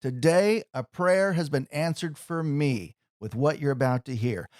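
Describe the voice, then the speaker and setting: Radio host, man, slightly high voice, earnest delivery, dry studio sound. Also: a little slow, no room sound. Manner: warm-hearted, earnest, emotional. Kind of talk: radio interview.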